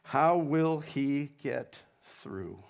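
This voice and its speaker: A male pastor delivering a sermon in a measured, reflective way, reading quotations with feeling. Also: mid-range voice, expressive, vocal fry, lo-fi sound. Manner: slow, measured preaching with dramatic readings of quotes.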